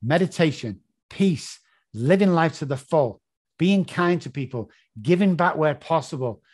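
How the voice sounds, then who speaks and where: A man's voice: a little high, expressive, unhurried, a little mellow, breathy edge. A man with an English accent giving an emphatic motivational talk, repeating key phrases and swearing freely. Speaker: motivational speaker.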